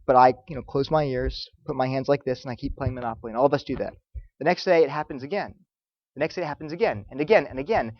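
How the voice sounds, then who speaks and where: A man lecturing students, telling stories in an animated way and acting out the voices of the people he quotes. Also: mid-range voice, quick pace, no echo, lo-fi sound. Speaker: Christian apologetics speaker.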